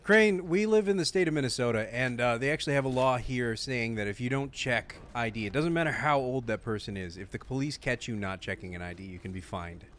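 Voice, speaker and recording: A man's voice: medium pitch, brisk, hardly any pauses, a bit bright, slight background noise. A man chatting casually while gaming, telling a story in a matter-of-fact way. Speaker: gamer.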